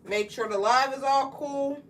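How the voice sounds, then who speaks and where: A woman's voice: high voice, a little slow, a little hiss or hum. A young woman hosting a casual braiding livestream, chatting loosely, greeting viewers in the chat and eating candy as she talks. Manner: chatty, greets viewers by name, eats candy while talking.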